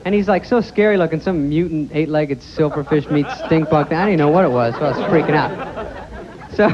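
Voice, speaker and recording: A man's voice: on the high side, a little fast, crowd noise. A young man doing a stand-up routine on a TV studio stage, sarcastic and jumpy, acting out little voices as he goes. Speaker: stand-up comedian. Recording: dull early 90s TV audio with loud audience.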